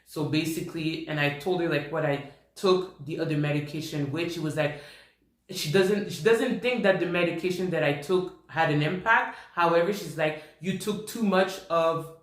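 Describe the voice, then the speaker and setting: Brief: male vlogger, slightly high voice, animated storyteller, echoey room. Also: normal speed. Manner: animated, repeats himself while recounting. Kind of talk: personal storytime. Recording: roomy echo.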